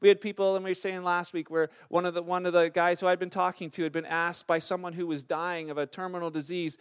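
A male pastor delivers a casual, story-driven sermon. His voice sits high for a man and sounds a little sore. He leans on fillers and chatty asides as he talks. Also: flat delivery, fast talker, few pauses, clean tone. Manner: conversational, storytelling with many fillers. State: slightly sore voice.

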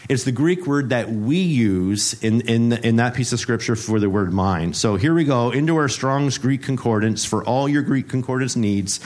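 A man is preaching to his congregation in a playful, joking way and turns a Bible word lesson into a mock game show. He speaks at an ordinary middle pitch and repeats phrases for emphasis. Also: lively intonation, normal speed, few pauses, a little mellow. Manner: playful, jokey, teacherly, repeats himself. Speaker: pastor.

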